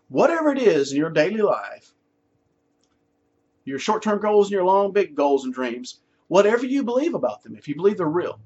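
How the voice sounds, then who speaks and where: Guy doing a casual spiritual teaching, husky voice, really animated, kinda muffled lo-fi audio. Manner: conversational, emphatic, acts out quotes in a high voice. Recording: dull lo-fi sound.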